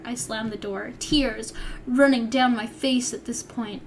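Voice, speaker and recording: Young woman vlogger, slightly high voice, reads her own old story aloud with dry, chatty side comments over faint background noise. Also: steady tone, measured pace. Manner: wry, chatty asides. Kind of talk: reading aloud with casual commentary.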